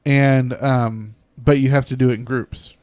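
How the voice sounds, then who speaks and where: A man's voice: mid-range voice, steady tone, unhurried, a little mellow, no room sound. A man co-hosting a casual podcast, hesitant and searching for words. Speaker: podcast co-host. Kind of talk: casual chat.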